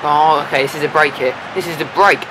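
A man giving live commentary as he plays a football video game, excitable, cheering and shouting at the game and swearing now and then. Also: fairly high pitch, quick pace, noisy background.

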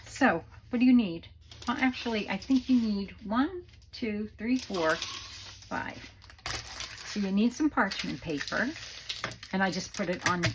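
A woman's voice: medium pitch, background noise. A woman hosting a casual craft tutorial from her home craft room, chatty and rambling with many fillers, a little out of breath. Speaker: craft channel host.

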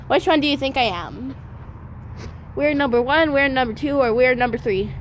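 A woman's voice: sits high, moderate pace. A woman vlogging casually to her viewers and her dog, playful and giggly, calling herself weird. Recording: noisy home video with wind.

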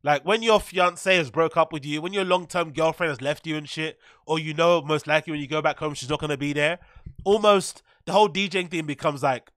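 Bright-voiced man, crude podcast banter. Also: a little high, a little fast, no room sound, clean studio sound. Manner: profane, joking, loose and rambling. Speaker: podcast host. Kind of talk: casual podcast commentary while reading an article aloud.

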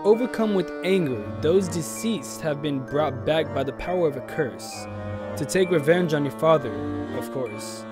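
A man voicing a polite, calm bald male salesman in a game, speaking in a measured, courteous way. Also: on the high side, natural voice. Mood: smooth, calm. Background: game music.

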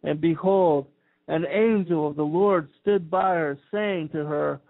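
Slow high-voiced man reading scripture. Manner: slow, measured, archaic phrasing. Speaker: scripture reader. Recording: tinny phone-like sound.

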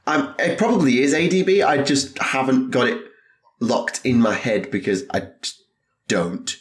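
A man co-hosting a podcast, explaining things in a measured, hesitant way in casual chat. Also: mid-range voice, big pitch swings. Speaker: podcast co-host.

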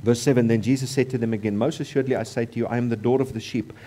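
A man with a South African accent preaching a sermon in a church, repeating key phrases and swinging between loud emphasis and quieter stretches. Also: medium pitch, steady tone, racing. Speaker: pastor.

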